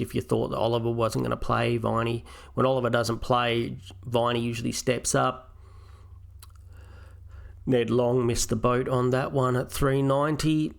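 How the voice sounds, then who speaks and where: Male host, gravelly texture, casual solo review, talks through choices out loud. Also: mid-range voice. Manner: thinks aloud, weighing options step by step. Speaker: fantasy football channel host.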